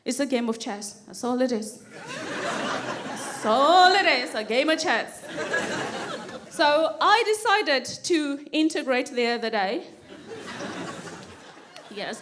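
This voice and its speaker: A woman doing a stand-up comedy routine, laughing often and acting out characters in squealing voices. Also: high-pitched. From Kenya. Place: comedy stage before a live audience.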